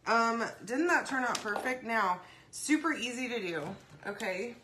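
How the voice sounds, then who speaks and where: Chatty woman, bright and rambling. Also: on the high side, animated, unhurried, a little hiss or hum. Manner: chatty, rambling, says "y'all" and "okay?" often. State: throat-clearing, dry throat. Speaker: craft video host. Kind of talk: casual craft demo chat.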